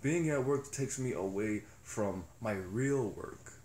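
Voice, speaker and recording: A man's voice: on the low side, takes it slowly, darkish tone. A young man rambling in a profane, reflective casual monologue as a vlogger. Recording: echoey room with faint ambience.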